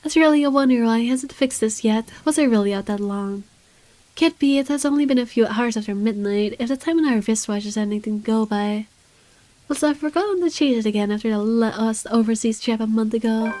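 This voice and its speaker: A woman's voice: fairly high pitch, a little fast, dark tone, no echo, close to an everyday voice. A woman reading a visual novel aloud as an irritable wealthy man with guards, in dry, sardonic first-person narration. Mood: irritated.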